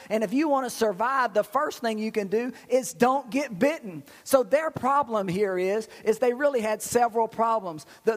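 High-voiced preacher in a reverberant hall. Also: male voice. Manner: folksy, animated preaching with blunt jokes. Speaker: pastor. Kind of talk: sermon.

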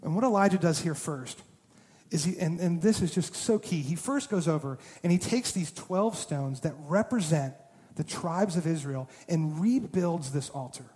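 A man with a high, mellow voice preaches a sermon, retelling the story with lively, acted-out quotes and a bit of humor. His voice carries a long reverb, as though he is in a large church sanctuary. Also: moderate pace. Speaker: pastor.

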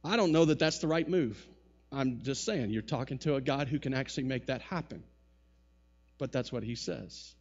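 A man preaching a conversational sermon, with wry asides and lively retellings of the text. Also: medium pitch, normal speed, lo-fi sound. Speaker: pastor.

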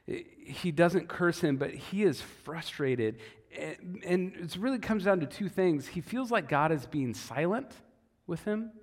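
Male pastor, sermon, unhurried, expressive pitch, hall echo. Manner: animated, conversational, repeats words. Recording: long hall reverb.

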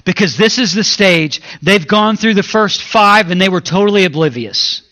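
A man preaching a sermon as pastor. He moves between raised, urgent preaching and low, hushed asides, and playfully acts out his own inner voice. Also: lively intonation, moderate pace.

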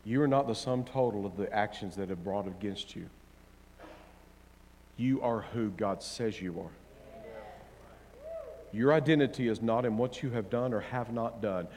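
A male pastor preaching a sermon, swinging between loud, fervent declarations and quiet, gentle counsel, with playful asides to the congregation. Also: on the low side, normal speed, long pauses, long reverb tail, a little hiss or hum.

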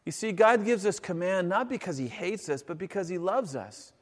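A man preaching a sermon, earnest and conversational, stacking up repeated phrases for emphasis. His voice sits a little high for a man. It carries a long reverb, as if filling a large hall. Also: lively intonation, moderate pace. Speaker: pastor.

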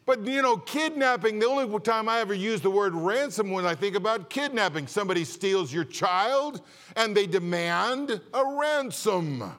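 A man's voice: sits high, lively intonation, normal speed, a bit bright, big-room sound. A man preaching a sermon as a Baptist pastor, impassioned, asking the congregation rhetorical questions and building to emphatic peaks.

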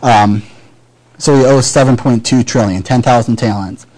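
A man's voice: mid-range voice, moderate pace, a little mellow, poor audio. A man from Michigan with a Midwestern American accent, preaching a sermon in a conversational way and acting out little everyday dialogues. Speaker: pastor.

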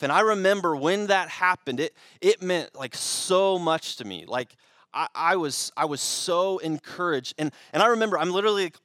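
A man's voice: on the high side, a bit bright, dry recording. Casual young male preacher, dry close sound. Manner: conversational with frequent restarts and fillers. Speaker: pastor. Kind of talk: sermon.

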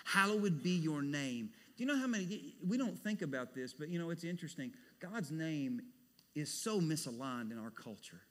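A man preaching a sermon as pastor, animated, dropping to a hush and rising to loud bursts. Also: fairly high pitch, a little fast. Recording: long hall reverb.

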